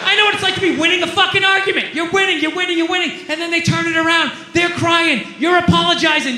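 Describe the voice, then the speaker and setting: A man tears through a stand-up routine with a high, bright, forceful voice, swearing freely and lurching between low grumbles and shouted rants. He is on a club stage, his voice ringing around an echoey room with faint ambience behind it. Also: fairly even intonation, quick pace, hardly any pauses, a little hiss or hum. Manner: loud, ranting, profane, swings between shouting and muttering. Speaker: stand-up comedian.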